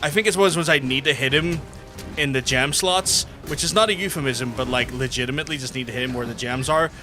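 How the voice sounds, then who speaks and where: A young man streaming a game talks quickly in a mid-range voice, soft music in the background. He chats casually, spinning animated stories, swearing freely and laughing often.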